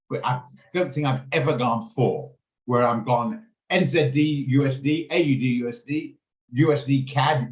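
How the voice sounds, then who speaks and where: A man teaching a live online trading lesson over a video call. He talks quickly and walks through each step hands-on. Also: medium pitch. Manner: fast, hands-on step-by-step explaining. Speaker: trading instructor. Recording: echoey room sound.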